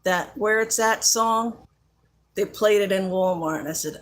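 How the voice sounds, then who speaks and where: A woman's voice: mid-range voice, steady tone, a little slow. A woman with a Central New Jersey accent, hosting a casual live chat with viewers, chatty and laughing often, with many fillers. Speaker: live-stream host.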